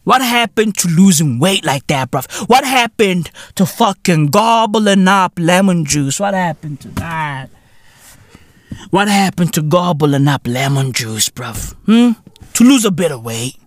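A man with a South African accent, hosting a comedy show, delivering a profane, animated rant in heavy slang with shouted bursts. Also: sits high, measured pace, no room sound. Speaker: comedy podcast host.

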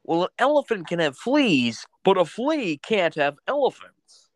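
A man's voice: high voice, big pitch swings, a little slow, dry recording. A man doing a put-on British accent, playing a jokey talk-host as a campy comic-book villain. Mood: riddling. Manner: exaggerated, campy, mock-theatrical. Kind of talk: comedic impression.

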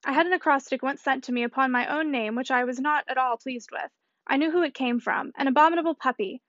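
A woman's voice: high-pitched, fast, fairly bright tone, no echo. A woman voicing a pompous, self-important married woman who chatters affectedly, in a slightly muffled dry recording. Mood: haughty.

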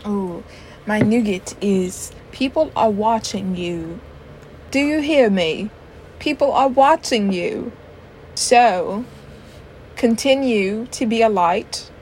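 A woman's voice: medium pitch, takes it slowly, few pauses, warm tone, slight background noise, close to an everyday voice, poor audio. A woman doing a put-on mixed accent as she delivers a dramatic, affirming pep talk. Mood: encouraging.

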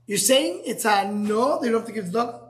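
Halting man teaching a Talmud class. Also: sits high, expressive, soft background music. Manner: explains step by step, asks and answers himself; halting, restarts words. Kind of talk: live Gemara class.

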